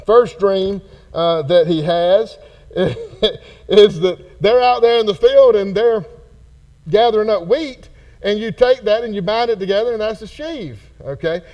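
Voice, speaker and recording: A man leading a casual Bible study, folksy and animated, acting out the characters as he teaches. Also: high-pitched, a little slow, highs cut off. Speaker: pastor. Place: church hall.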